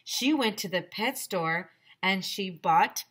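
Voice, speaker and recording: Slow, bright-voiced woman teacher reading aloud. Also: medium pitch, breathy edge. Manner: expressive, gasping with excitement; chatty asides to the class. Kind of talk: reading a picture book aloud to children.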